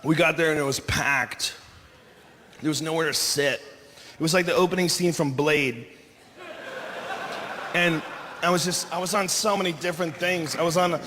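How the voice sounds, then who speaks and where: A stand-up comedian from Boston performing a loud, profane set and acting out characters as he goes. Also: a little high, normal speed. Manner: loud, profane, acts out characters mid-bit. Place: comedy venue on stage. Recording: live comedy club recording with reverb, audience noise.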